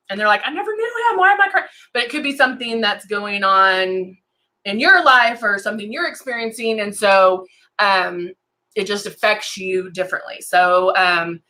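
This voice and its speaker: A woman's voice: mid-range voice, pushed and bright. A woman hosting a casual live-stream makeup tutorial, chatting with lots of ums and greeting viewers by name as she works. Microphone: desk camera and monitor setup.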